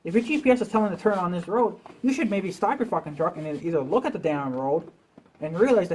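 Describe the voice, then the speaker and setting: A man's voice: high voice, expressive, quick pace, darkish tone, breathy edge. A man venting in a rambling, profane rant as a vlogger, talking casually to his viewers.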